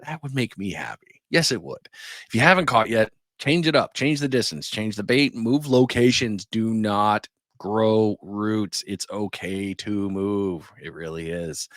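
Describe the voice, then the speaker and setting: A man's voice: on the low side, a little slow, a bit bright, dry recording, clean studio sound. A man hosting a fishing podcast, chatty and jokey, telling stories and laughing easily. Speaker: podcast host. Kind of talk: casual podcast interview.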